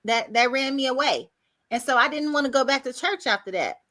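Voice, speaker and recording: A woman guest on a video-call podcast, telling her life story in a casual, animated way and acting out other people's words. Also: high voice, fairly quick.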